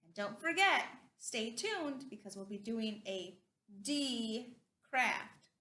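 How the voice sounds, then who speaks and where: A woman children's librarian talking to kids at story time, animated, slow and clear. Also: a little high. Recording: roomy echo.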